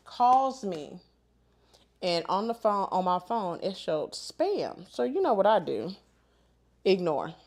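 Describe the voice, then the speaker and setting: A middle-aged woman hosting a live sewing stream, telling stories in animated, colloquial casual chat and laughing often. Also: fairly low pitch.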